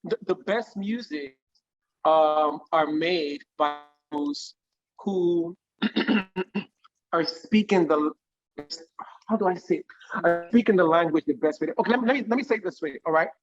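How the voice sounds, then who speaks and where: A man, a guest singer giving career advice in a conversational interview, explaining lively through analogies and often checking with his listener. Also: fairly high pitch, a little slow, lo-fi sound. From Nigeria.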